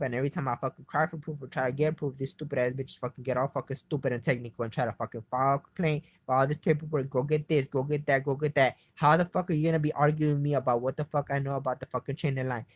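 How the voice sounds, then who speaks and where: A young man ranting on and on, swearing constantly, his voice climbing in pitch as he gets worked up. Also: steady tone, fast talker, hardly any pauses, no echo. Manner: agitated, swears constantly, voice climbs when heated. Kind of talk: profane rambling rant to camera.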